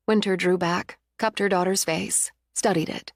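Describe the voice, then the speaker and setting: A woman narrating an audiobook in measured, even storytelling. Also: lowish voice, dry recording, clean studio sound. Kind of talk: scripted narration.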